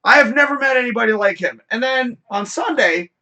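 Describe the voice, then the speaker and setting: Guy hosting a live show, high voice, rambling animated story, swears a bunch. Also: fairly quick. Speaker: show host.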